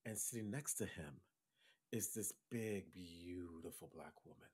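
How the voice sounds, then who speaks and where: A man co-hosting a podcast, telling a story theatrically, switching between loud bursts and hushed asides. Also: low voice, a little slow, breathy edge. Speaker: podcast co-host.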